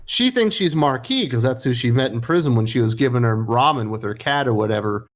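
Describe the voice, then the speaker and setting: A man's voice: mid-range voice, lively intonation, a little fast. A man reviewing comic books in a casual commentary, sarcastic and profane, ranting with mocking jumps in emphasis.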